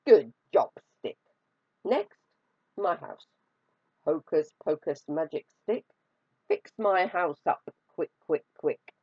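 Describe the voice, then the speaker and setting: A woman's voice: sits low, sing-song, slow pace, pauses often, slightly rough, no room sound, full character voice. A woman voicing a lazy, tricky male spider in a storybook read-aloud, chanting spells and turning frantic when he is in trouble. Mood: sly. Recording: dry, slightly dull recording.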